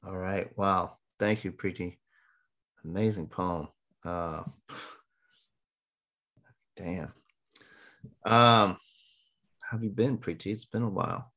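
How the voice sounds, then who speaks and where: A man hosting a poetry evening, introducing readers in a relaxed, chatty way with fillers. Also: low voice, slow, long pauses. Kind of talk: casual introductions.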